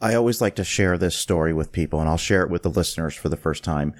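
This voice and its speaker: A man hosting a podcast, telling a personal story in a casual, animated way and often restarting his phrases. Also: deep voice, quick pace. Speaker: podcast host.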